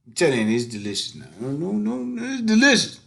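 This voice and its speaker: A mukbang vlogger cooks and eats while chatting casually, his creaky mid-range voice brisk and full of huge pitch swings. His laid-back talk is packed with slang and sing-song hype chants.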